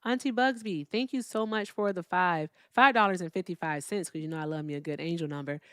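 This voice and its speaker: A woman hosting a live call-in stream, chatting casually and swinging between loud remarks and hushed asides. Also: on the low side, brisk, no room sound, clean studio sound. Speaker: livestream host.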